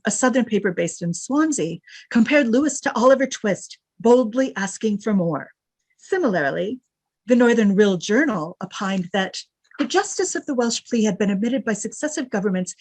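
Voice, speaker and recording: A woman's voice: mid-range voice, breathy edge, no echo. A woman giving a scholarly lecture, reading quoted passages from notes and breaking off for dry asides. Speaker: guest lecturer.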